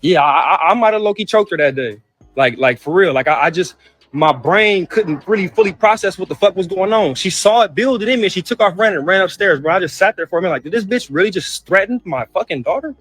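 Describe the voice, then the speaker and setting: Man, high voice, fast, heated profane rant, repeats himself, faint music behind. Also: lively intonation, a bit bright, no echo. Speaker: brother in a family feud clip. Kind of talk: emotional rant.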